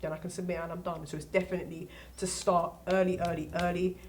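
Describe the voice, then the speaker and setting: Brief: lowish, quick teen girl, emphatic advice-giver. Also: level tone, slight background noise. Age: late teens. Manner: emphatic, repeats points, asks rhetorical questions. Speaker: student guest. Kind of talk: casual advice chat.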